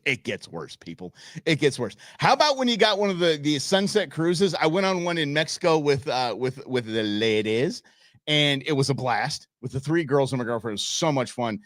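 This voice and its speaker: A man's voice: on the high side, big pitch swings, moderate pace, fairly bright tone, no room sound, clean studio sound. A man hosting a show, casually commenting on clips and exclaiming and laughing at what he sees. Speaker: show host.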